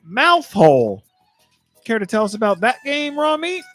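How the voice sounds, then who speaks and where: A man's voice: extremely high pitch, huge pitch swings, a little slow, fairly bright tone, no room sound, faint music behind. A man co-hosting a podcast, casually reading a list of game releases and joking as he stumbles over titles.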